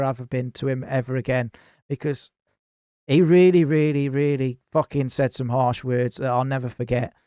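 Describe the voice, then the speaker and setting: Animated, swearing man, crisp voice. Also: mid-range voice, no echo, studio quality. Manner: animated, heavy swearing, acts out others' lines. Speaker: podcast guest, gaming clan founder. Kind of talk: casual podcast storytelling.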